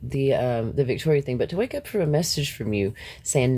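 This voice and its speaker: A man's voice: mid-range voice, big pitch swings, fairly quick, hardly any pauses, a little mellow. A man hosting a live stream, ranting bluntly and confrontationally at his viewers, swearing freely and laughing between points. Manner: talks back to chat, laughs between points.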